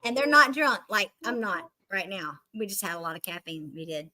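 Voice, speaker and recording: A woman's voice: mid-range voice, animated, fairly quick, bright, forceful tone. A woman co-hosting a casual chat, telling a joke in a giggly, rambling way and losing her place. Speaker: podcast co-host.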